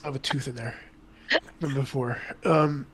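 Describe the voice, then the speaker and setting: A man playing a tabletop game, with a sly, deadpan delivery for his character. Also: medium pitch, moderate pace, a little hiss or hum. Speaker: player.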